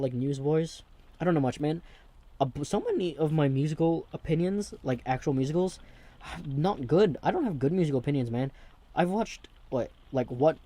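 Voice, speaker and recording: A man's voice: fairly high pitch, mellow, dry recording. Rambling young New man. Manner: rambling, self-interrupting, jokey. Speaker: host. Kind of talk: rambling comedic monologue.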